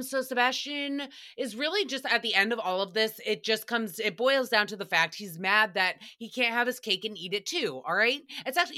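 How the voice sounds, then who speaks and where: A woman's voice: on the high side, bright, forceful tone. A woman hosting a casual solo podcast, recapping another show in a sassy, chatty way, swearing freely and mocking the people she quotes.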